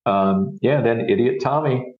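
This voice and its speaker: A man co-hosting a casual podcast, talking in a relaxed, thoughtful way. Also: medium pitch, unhurried. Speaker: podcast co-host. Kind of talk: casual comic book discussion. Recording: echoey lo-fi room sound.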